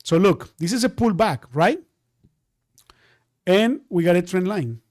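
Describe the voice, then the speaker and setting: Give me an excitable man with a high voice, recorded dry and close, teaching trading and repeating himself. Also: measured pace, no echo. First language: Spanish. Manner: excitable, repeats phrases over and over. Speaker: trading instructor. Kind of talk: live trading lesson.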